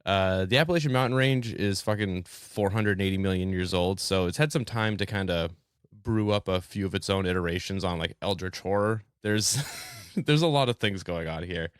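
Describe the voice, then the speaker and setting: A man's voice: low-pitched, moderate pace, clear, resonant tone, no room sound, clean studio sound. A young man hosting a casual podcast, laid-back, swearing freely and laughing often. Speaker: podcast host.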